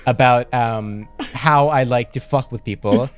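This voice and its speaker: A young man co-hosting a podcast, telling dark jokes in a deadpan, provocative way. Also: medium pitch, a little slow, clear, resonant tone, faint music behind. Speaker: podcast co-host. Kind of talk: casual podcast banter.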